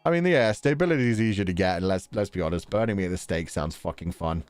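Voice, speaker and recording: A man's voice: on the low side, a little fast, darkish tone, faint music behind. A male streamer giving casual, joking game commentary, swearing freely and laughing often. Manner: joking, profane, laughs a lot.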